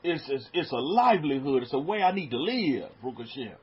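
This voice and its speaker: A middle-aged man preaching in a relaxed, conversational way, stumbling over repeated words and dropping into soft asides. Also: on the high side, fairly quick. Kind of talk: sermon. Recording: dull lo-fi sound.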